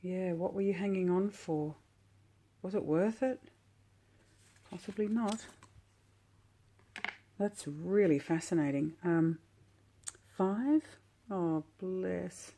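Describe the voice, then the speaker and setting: A woman calmly unboxing a tarot deck while sitting on her floor, gushing and admiring each card at an unhurried pace. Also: on the low side. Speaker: tarot vlogger. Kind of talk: relaxed unboxing commentary.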